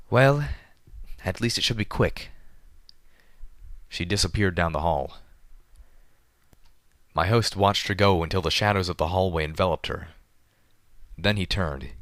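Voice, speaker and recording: A man reading a story aloud in a steady, measured narration. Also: low voice, dry recording, studio quality. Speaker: audiobook reader. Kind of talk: fan fiction audiobook narration.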